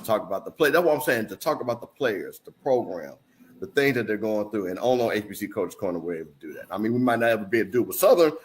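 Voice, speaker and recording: A man hosting a casual sports talk show, teasing his co-hosts with laughter and lively storytelling. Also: lowish voice, rapid-fire, slight background noise. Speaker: show host. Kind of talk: casual chat.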